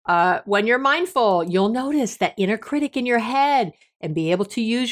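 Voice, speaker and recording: A woman's voice: fairly high pitch, lively intonation, moderate pace, few pauses. Emphatic, playful woman podcast host. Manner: emphatic, bossy and playful, laughs often. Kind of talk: casual self-help podcast monologue.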